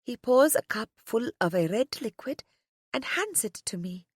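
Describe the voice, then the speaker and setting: A soft-spoken woman narrating a first-person romance audiobook, often dropping to a whisper. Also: on the high side, sing-song, normal speed, breathy edge, dry recording, clean studio sound.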